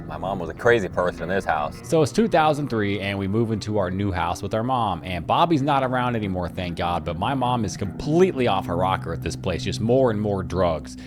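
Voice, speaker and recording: A young man casually telling a story from his own life, profane and animated. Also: deep voice.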